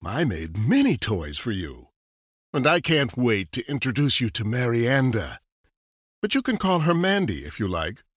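A man voicing a sinister, possessive toy maker monster in a dramatic horror story, calm and smiling with a menace that breaks into raving. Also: medium pitch, measured pace, husky, no echo, studio quality, heavily acted. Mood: sweetly menacing. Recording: music behind the voice.

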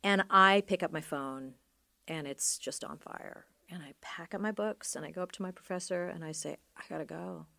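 A middle-aged woman telling a personal story as an interview guest, halting and trailing off with many fillers. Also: on the low side, bright, forceful tone, no echo.

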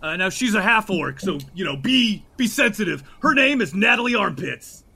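A man's voice: sits high, big pitch swings, normal speed, gravelly, bright, forceful tone, slightly rough. A man narrating as game master of a tabletop game, playful and often laughing.

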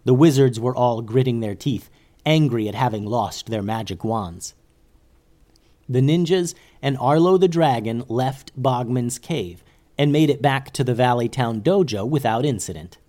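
Male storyteller, children's tale, mid-pitch, calm and expressive. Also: measured pace.

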